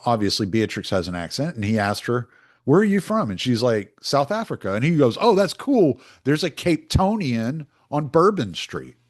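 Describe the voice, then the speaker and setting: Man, podcast monologue, very lively pitch, rambling with restarts. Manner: animated, rambling, with frequent restarts. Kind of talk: casual opinion monologue.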